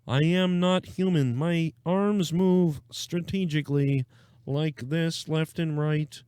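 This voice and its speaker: A man's voice: fairly high pitch, steady tone, a little mellow, clean tone, no echo. A man doing a mock impression of a stiff, robotic president who talks like a frog puppet. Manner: slow, mechanical delivery.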